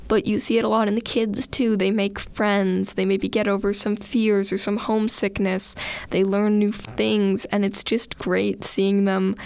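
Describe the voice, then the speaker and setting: Casual storyteller: a woman with a creaky voice, earnest and chatty, dry close sound. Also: mid-range voice, dry recording. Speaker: student leader on a radio student segment.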